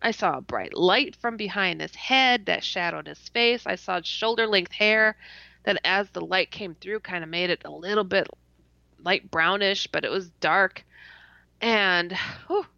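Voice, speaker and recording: Gravelly bright woman telling a story. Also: mid-range voice, a little slow, no echo. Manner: animated, laughs often, stutters and restarts. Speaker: interview guest. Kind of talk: casual personal storytelling. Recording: dull lo-fi dry recording.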